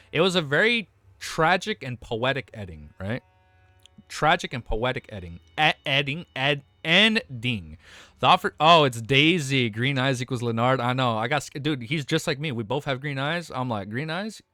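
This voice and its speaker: A man's voice: medium pitch, bright, forceful tone, dry recording. A young man reading a web novel aloud on a live stream, stumbling over words and breaking off to react emotionally with casual swearing and slang.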